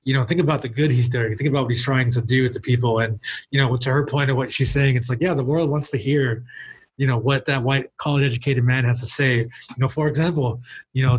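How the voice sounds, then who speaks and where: A man's voice: mid-range voice, fairly even intonation, brisk, slightly rough, low-quality recording. A man hosting a casual podcast discussion in an easygoing way, reading passages aloud and then giving his take. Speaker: podcast host.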